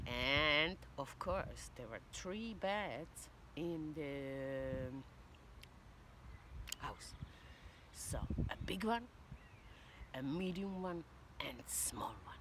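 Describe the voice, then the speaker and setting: A woman casually telling a children's story to viewers outdoors, unhurried and with hesitations. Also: sits low, animated, background noise.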